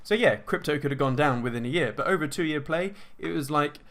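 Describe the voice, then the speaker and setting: A man talking casually and at length in an energetic, self-assured way, full of fillers and restarts. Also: a little high, a little fast. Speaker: host answering viewer questions. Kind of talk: casual monologue.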